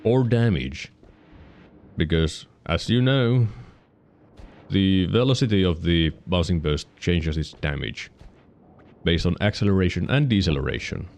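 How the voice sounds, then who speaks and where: Deep-voiced Finnish man streaming a game. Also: a little slow, long pauses, a little mellow. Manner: rambling, self-correcting, explains mechanics as he plays. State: hiccuping. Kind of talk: casual gameplay commentary.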